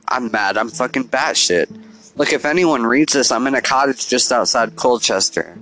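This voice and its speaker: A man's voice: mid-range voice, animated, normal speed, sharp tone, soft background music, poor audio. A man narrating a first-person horror story in an earnest, confessional, diary-like way.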